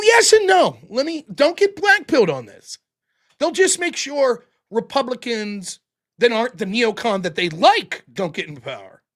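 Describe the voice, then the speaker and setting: A man's voice: extremely high pitch, fairly bright tone. A man hosting a live stream, casually and bluntly reading out viewer donations and thanking each donor. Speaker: livestream host.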